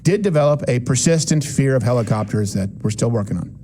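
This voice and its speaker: A man hosting a commentary show, delivering an opinionated monologue with sarcastic, emphatic swings between loud and low. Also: lively intonation, a little fast, a little hiss or hum.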